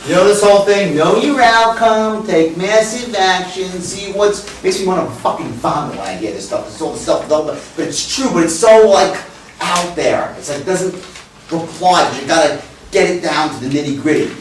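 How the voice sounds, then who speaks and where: A high-voiced man teaches a room of salespeople, blunt and swearing freely, sometimes shouting out exaggerated sample lines. He stands well back from the mic, and his voice bounces around a very echoey room. A faint hum of room noise sits underneath. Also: animated, moderate pace, recorded from a distance. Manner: blunt, profane, swings into loud exaggerated demonstrations. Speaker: sales trainer. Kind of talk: live sales training talk.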